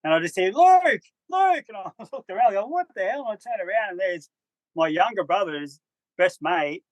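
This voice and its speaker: A man telling a travel story as a podcast guest, lively and acting out what people said in a raised voice. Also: high-pitched, brisk, no room sound, low-quality recording. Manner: animated, acts out quotes in a raised voice. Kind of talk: casual storytelling.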